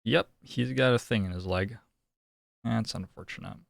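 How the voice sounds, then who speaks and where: A man's voice: fairly low pitch, moderate pace, creaky, no room sound. A young man streaming a detective game, musing and thinking aloud in casual commentary.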